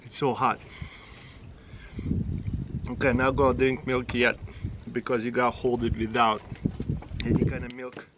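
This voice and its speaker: Man, Russian accent, mid-pitched voice, chatty and exclaiming, faint background noise. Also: level tone, unhurried, long pauses. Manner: chatty, exclaiming, short broken phrases. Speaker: channel host. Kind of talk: casual taste-test vlog.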